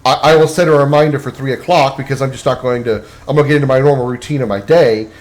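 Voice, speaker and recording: A man with a mid-range, steady voice talks fast while streaming a game. His casual chat rambles, full of restarts and filler words.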